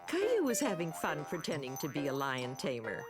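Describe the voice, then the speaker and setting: A woman giving clear, scripted storybook narration for a preschool cartoon. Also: sits low, huge pitch swings, brisk, music in the background.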